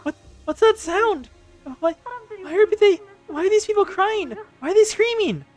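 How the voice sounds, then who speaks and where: A streamer voicing a frightened little boy, pleading in a high whimper while reading a game's story aloud. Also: animated, normal speed, a little mellow, soft background music.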